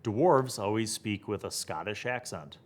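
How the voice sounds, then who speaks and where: A young man hosting a tabletop gaming talk video, thinking aloud with excitement and asking rhetorical questions. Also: on the low side, a little slow. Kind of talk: animated solo talk to camera.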